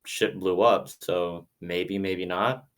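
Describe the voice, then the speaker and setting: Lowish-voiced guy playing tabletop, excitable, rambles a lot, tons of "like". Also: takes it slowly, clean tone. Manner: excitable, rambling with many fillers. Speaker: player. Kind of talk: casual chat while playing a tabletop game.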